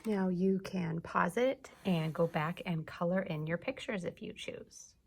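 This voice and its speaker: Slow, gravelly woman teaching young kids. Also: lowish voice, a little mellow, a little hiss or hum. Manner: slow, clearly sounded-out teaching. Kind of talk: early-grades classroom video lesson.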